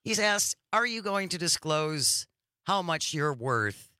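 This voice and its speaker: Male talk radio co-host, animated delivery, crisp bright tone, dry studio. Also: a little high, takes it slowly, dry recording. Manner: lively, exclaiming agreement. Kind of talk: radio talk, reading news items and listener texts.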